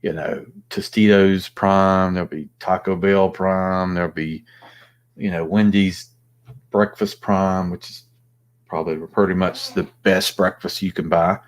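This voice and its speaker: Rambling low-voiced man. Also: fairly even intonation, measured pace. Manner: rambling, thinking aloud with fillers. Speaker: host. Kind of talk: casual live chat.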